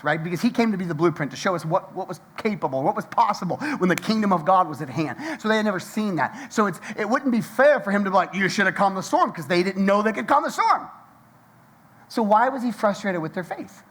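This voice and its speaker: A man, a pastor delivering a sermon, telling stories with lots of energy, acting out the voices in them and laughing often. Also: high voice. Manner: lively storytelling, acts out quotes, laughs often.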